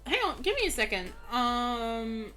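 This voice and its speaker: A woman's voice: on the high side, big pitch swings, unhurried, bright, forceful tone, faint music behind. A young Australian woman streaming a game, chatting casually in a giggly, rambling way. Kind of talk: casual chat while gaming.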